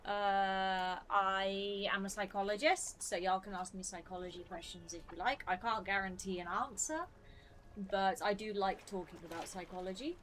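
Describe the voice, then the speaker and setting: A woman's voice: mid-range voice, fairly even intonation, normal speed, a bit bright, poor audio. Woman, game streamer, casual chat, coos at her dog, home room, faint background hum. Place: home room with a fan running.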